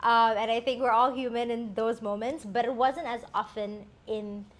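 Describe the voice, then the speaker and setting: Woman co-host, fairly high voice, candid and reflective, casual personal storytelling. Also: steady tone, moderate pace. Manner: candid, reflective, many fillers.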